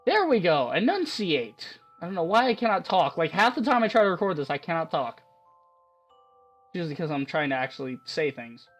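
A man hosting a let's-play, rambling and excitable in his game commentary, laughing often as he talks. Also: fairly high pitch, a little fast, soft background music.

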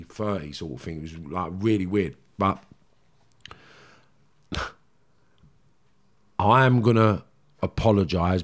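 A man's voice: sits low, a little mellow. A middle-aged man with a London Cockney accent, a podcast guest candidly telling rambling, streetwise stories from his past. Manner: streetwise, rambling, frequent "do you know what I mean". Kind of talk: candid storytelling interview.

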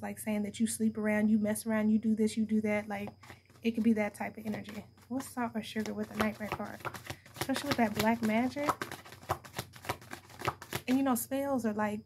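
A woman's voice: medium pitch, little pitch movement, a little fast, darkish tone, a little hiss or hum. A young adult woman giving a casual tarot reading to her viewers, blunt and profane, laughing often as she talks. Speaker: tarot card reader.

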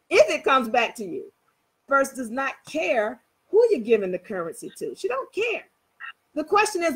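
A woman teaching in a casual, animated way, telling everyday stories and checking that listeners follow. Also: high-pitched, poor audio. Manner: animated, storytelling, coaxing listeners. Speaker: spiritual teacher. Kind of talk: casual motivational talk.

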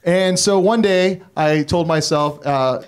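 A man's voice: high voice, slow pace, smooth. A man doing a stand-up set, rambling and self-deprecating, with profane asides and stammering restarts. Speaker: stand-up comedian. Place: comedy club stage. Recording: live club recording with audience laughter. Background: audience laughing.

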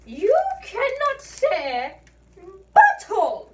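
A woman doing a shrill, overwrought news announcer in a put-on accent, swinging wildly up and down and drawing the words out slowly between sobs and laughs. She sounds far from the microphone, with a faint hum of noise behind her. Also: huge pitch swings, full character voice. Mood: mock dramatic. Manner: wailing, shouting, laughing through the lines. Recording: distant mic with faint background noise.

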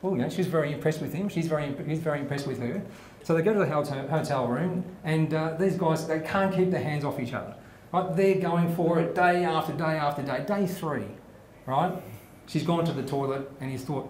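A man telling long jokes on a comedy show, with animated asides. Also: fairly high pitch, brisk. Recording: echoey room with faint background noise.

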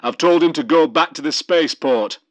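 A man voicing a tense male stormtrooper defector, speaking low and guarded in an audiobook. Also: brisk, dry recording, close to an everyday voice.

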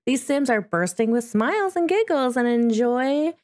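A gaming video host with a slightly high, darkish voice keeps up a lively, moderate pace. She chats playfully through a life-simulation game and talks back to the characters on screen as casual commentary.

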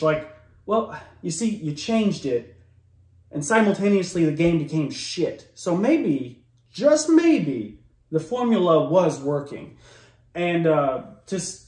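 A man's voice: a little high, darkish tone, roomy sound. A man doing heated reaction commentary, swearing a lot and stumbling over fillers and restarts. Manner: profane, heated, lots of likes and restarts.

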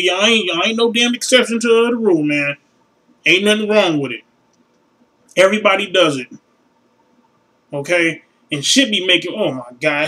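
Crude, bright-voiced young man ranting. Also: recorded from a distance, rough recording. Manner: loud, crude and animated, mocking high falsetto voices. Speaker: vlogger. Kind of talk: profane casual rant to camera.

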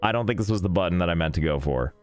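A young man casually streaming a game, rambling and joking in deadpan asides. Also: low voice, rapid-fire. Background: faint game music.

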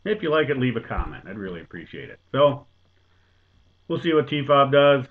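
A man's voice: mid-range voice, sing-song, normal speed. Folksy man telling a joke. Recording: tinny phone-like sound.

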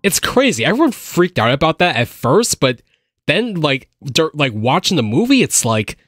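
A man's voice: a little high, sing-song, normal speed, a bit bright, no echo, clean studio sound. A man chatting casually as a podcast co-host, with offhand, slangy remarks. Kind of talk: casual review chat.

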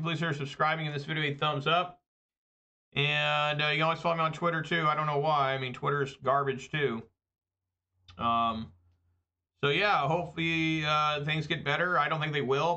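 Fed-up streamer guy ranting and swearing, sharp bright voice, beating himself up. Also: on the high side. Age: adult with wife and kids. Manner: exasperated, profane, self-deprecating venting. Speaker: streamer and channel host. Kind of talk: casual post-game rant to viewers.

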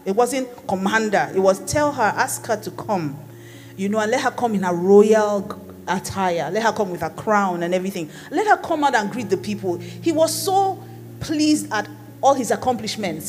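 A woman's voice: mid-range voice, animated, moderate pace, a little mellow. A woman pastor preaching a sermon in a conversational, playful teaching manner. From Nigeria. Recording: long hall reverb with faint music.

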